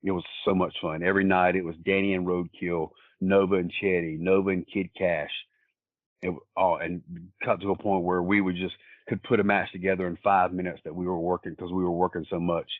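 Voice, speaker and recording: A very deep-voiced man sits in as an interview guest and tells long, plain-spoken anecdotes. His voice comes through thin and tinny, as if on a phone line, with no room sound around it. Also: level tone, brisk, dry recording. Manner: rambling, plain-spoken storyteller. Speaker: wrestler guest. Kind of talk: casual anecdotal storytelling.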